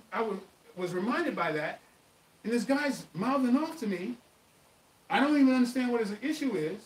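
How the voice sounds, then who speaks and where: A man hosts a live martial arts question-and-answer stream, telling stories with animated emphasis. His voice sits fairly high. It comes from off-mic in an echoey room with a faint hiss. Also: distant mic. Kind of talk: live stream chat and storytelling.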